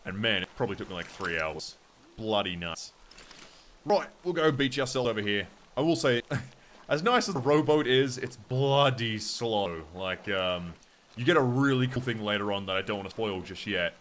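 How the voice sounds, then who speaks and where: A young Australian man talks through a game in loose, chatty commentary, swearing now and then and answering his viewers. His pitch swings up and down, and a faint hum of noise sits under the voice. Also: expressive, moderate pace, a bit bright. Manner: chatty, swears, reads chat aloud. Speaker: gaming streamer. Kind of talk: casual gameplay commentary.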